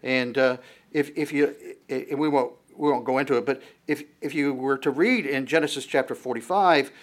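A man's voice: mid-range voice, moderate pace. A man preaching a sermon, reading verses aloud and explaining them in a conversational, searching way, his voice rising on the quoted lines. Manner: reads verses aloud then comments in a conversational tone, with restarts.

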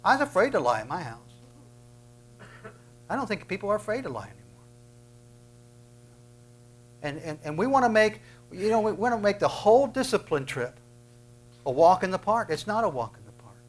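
Emphatic preacher man, fairly high voice. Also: big pitch swings, normal speed, pauses often, poor audio. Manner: emphatic, bursts loud on commands; repeats words when starting thoughts. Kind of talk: sermon.

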